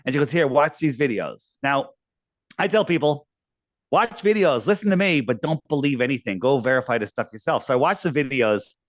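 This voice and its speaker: A man's voice: medium pitch, animated, fairly quick, dry recording. A man being interviewed, talking casually and telling a long, rambling story with quoted asides. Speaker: podcast guest.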